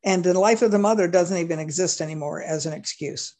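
A woman's voice: lowish voice, brisk, darkish tone. A woman guest in a casual discussion, speaking earnestly and emphatically.

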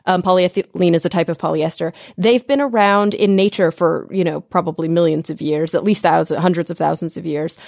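A woman's voice: on the low side, vocal fry, a little mellow, dry recording, clean studio sound. A young woman co-hosting a science podcast, chatty and upbeat as she explains things. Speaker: podcast co-host. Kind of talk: casual science podcast chat. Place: home, remote call.

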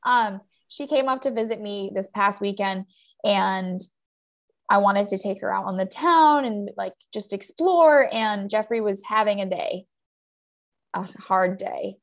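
A woman's voice: medium pitch, a little slow. A woman in her thirties chats on her podcast, recorded at home under a blanket. She tells her story casually and brings it to life by acting out the voices of the people in it. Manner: animated storyteller, acts out quoted voices. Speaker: podcast co-host.

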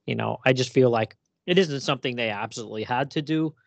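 Relaxed rambling man, dry sound. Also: mid-range voice, fast talker, gravelly, no room sound, lo-fi sound. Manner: relaxed, rambling, many fillers, laughs often. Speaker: podcast host. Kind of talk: casual chat.

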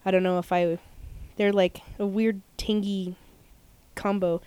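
As a podcast co-host in casual chat, a young woman rambles through a story, scattering fillers. Her mid-range voice is smooth, clear, mellow and level at a measured pace, recorded close and dry with no room sound.

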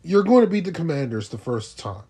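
Slightly husky man teasing a friend. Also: on the high side, sing-song, a little fast, dark tone. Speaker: podcast co-host. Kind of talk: casual sports chat.

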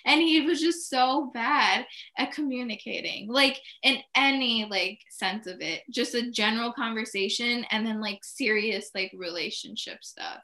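Bright-voiced young woman, chatty and candid. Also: fairly high pitch, normal speed. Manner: talks in many short bursts filled with "like", candid and emotional. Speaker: podcast co-host. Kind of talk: casual chat.

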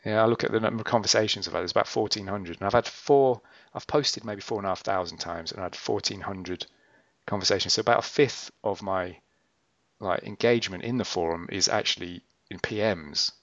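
A man's voice: fairly low pitch, fairly quick, fairly bright tone, no echo. A man hosting a podcast, chatting casually and rambling, acting out quotes as he explains. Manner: rambling, self-correcting, acts out quotes. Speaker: podcast host. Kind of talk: casual chat. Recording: dull, muffled sound.

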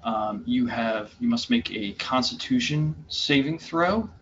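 A male game master narrates a tabletop session slowly, stumbling over fillers and restarting his sentences. The recording is a bit dull and lo-fi, with faint noise in the background. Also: medium pitch, a bit bright. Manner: hesitant, many fillers and restarts.

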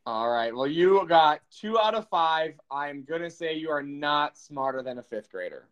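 A man's voice: fairly high pitch, expressive, normal speed, fairly bright tone, clean tone, muffled recording. A young man co-hosting a podcast, quizzing his partner in a teasing, casual way and laughing often. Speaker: podcast co-host and quizmaster. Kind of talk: casual chat.

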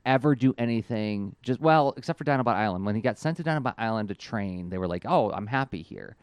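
A man's voice: on the low side, expressive, fast, a little mellow, clear, resonant tone, no echo. A man co-hosting a podcast, chatting enthusiastically with lots of fillers. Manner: enthusiastic, many "like" fillers, laughs often. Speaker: podcast co-host. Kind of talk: casual enthusiastic chat.

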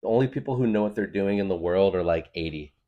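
A man's voice: sits low, fast, highs cut off. A young man hosting a podcast, rambling through a loose, jokey comedic monologue and laughing often. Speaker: podcast host.

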